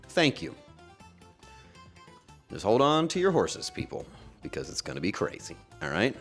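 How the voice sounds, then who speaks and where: A man streaming casually from home, talking to his chat in an emotional, halting way and breaking into sudden excited outbursts. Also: medium pitch. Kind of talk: casual livestream chat to viewers.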